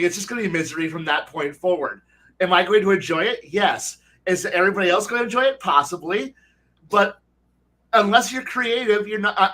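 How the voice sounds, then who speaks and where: A man's voice: high voice, sharp tone. A man on a podcast panel for dungeon masters, talking in a rambling, profane, casual way with many restarts. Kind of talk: casual chat. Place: podcast recording.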